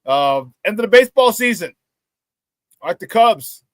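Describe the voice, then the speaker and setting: A man hosting a casual sports talk show, telling stories excitedly with many restarts and repeated words. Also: high voice, moderate pace, no room sound.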